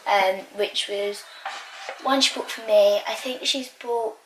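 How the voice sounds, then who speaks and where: A woman's voice: medium pitch, steady tone, takes it slowly, background noise. A young woman chatting casually to camera in her bedroom, rambling with lots of ums and small laughs. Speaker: vlogger. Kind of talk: casual chat vlog.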